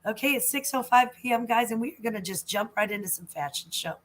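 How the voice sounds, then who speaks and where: A woman hosts a casual livestream, chatting and greeting viewers by name. Her voice sits a little high and sounds worn and husky. She talks in a loose, rambling way. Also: expressive, quick pace, a bit bright, rough recording. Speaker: host.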